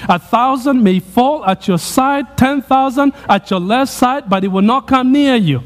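Man, pastor, high voice, fervent sermon, repeats his phrases, long church-hall reverb. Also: unhurried, few pauses. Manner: preaching with rising fervor, repeating phrases.

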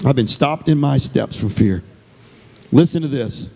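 A man's voice: mid-range voice, animated, measured pace, creaky, warm tone. A man giving an earnest, conversational sermon as a visiting speaker and singer, repeating phrases as he goes.

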